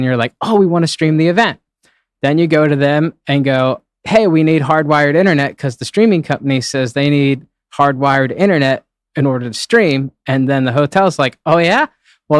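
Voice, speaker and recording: A man's voice: mid-range voice, no room sound, studio quality. A man working as a live event streaming producer, answering interview questions in a rambling, casual way, with plenty of fillers and acted-out quotes.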